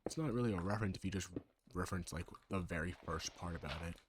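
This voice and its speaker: Deep-voiced and quick, this let's play creator in his twenties talks over a noisy background. He gives casual, rambling, sarcastic gaming commentary while bickering with himself in two alternating voices.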